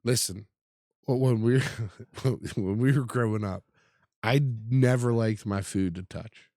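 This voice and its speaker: A man chatting as a podcast guest, telling stories in a laid-back way with halting restarts. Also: lowish voice, a little mellow, no echo, clean studio sound. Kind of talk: casual chat.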